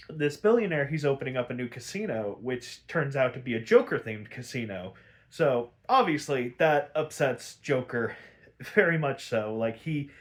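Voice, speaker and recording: A young man casually recapping a cartoon episode, rambling, swearing often and getting worked up. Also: mid-range voice. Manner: profane, gets worked up and exasperated; rambling with many "like" fillers. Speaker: show recap host.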